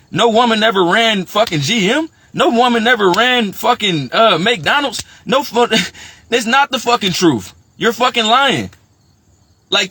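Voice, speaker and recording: A man's voice: high voice, sharp tone, slight background noise. A man delivering an agitated, profane monologue, firing off rhetorical questions. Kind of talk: heated monologue rant.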